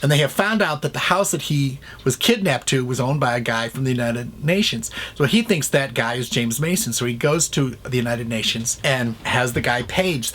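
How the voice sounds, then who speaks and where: Animated man retelling a classic film. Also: medium pitch, slight background noise. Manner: animated retelling, acting out lines. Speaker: classic movie reviewer. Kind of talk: chatty film review.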